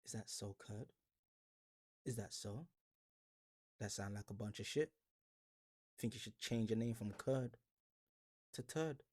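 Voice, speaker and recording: Laid-back football vlogger. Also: male voice, lowish voice, slow pace, pauses often, a little mellow. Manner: laid-back and joking, rambling with slang and fillers. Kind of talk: casual reaction vlog.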